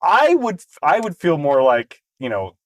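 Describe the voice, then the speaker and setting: A man's voice: a little high, huge pitch swings, a little slow, dry recording. A man co-hosting a casual movie review podcast, picking apart the plot with dry sarcasm. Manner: wry, sarcastic. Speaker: podcast co-host.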